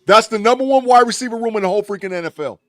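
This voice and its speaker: A man co-hosting a live sports podcast, excitable and jokingly melodramatic, talking over a call. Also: high voice, racing, no echo. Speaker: podcast co-host. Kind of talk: casual sports chat.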